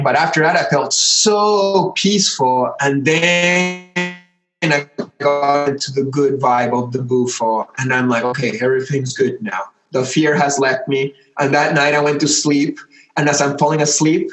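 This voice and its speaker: Rambling man telling a story, echoey room. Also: on the high side. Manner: rambling, acts out quoted voices, many "like" fillers. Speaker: podcast guest, artist. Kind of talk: casual storytelling.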